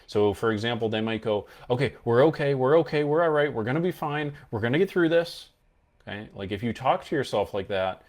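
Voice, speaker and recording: An earnest male mental health coach teaches in a fairly low voice. He leans hard on his key points and now and then shows a tone of voice to make them clear. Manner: earnest, emphatic, demonstrates tones of voice while teaching. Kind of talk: explanatory coaching talk to camera.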